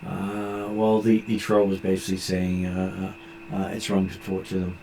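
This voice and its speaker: A man with a somewhat low voice runs a tabletop game as its game master. He talks haltingly, filling gaps with drawn-out pauses. His voice rings around an echoey room over a faint background hiss. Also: monotone, mellow. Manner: halting, many filler pauses.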